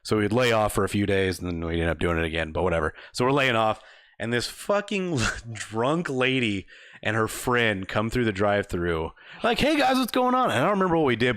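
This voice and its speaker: A man's voice: a bit bright, no room sound, clean studio sound. Laid-back young man telling a story. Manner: laid-back, swears a lot, laughs often, acts out quotes in higher voices. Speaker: podcast co-host. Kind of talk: casual storytelling chat.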